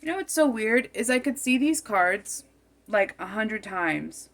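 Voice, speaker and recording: A woman's voice: a little high, lively intonation, a little slow, fairly bright tone. A woman giving a tarot card reading, musing aloud and often repeating and rephrasing her phrases as she goes.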